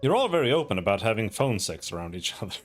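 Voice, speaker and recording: A man's voice: lowish voice, fast, crowd noise. A man livestreaming a story game, reading the dialogue aloud and riffing loosely. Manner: animated, reads dialogue aloud and riffs loosely. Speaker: streamer playing a story game.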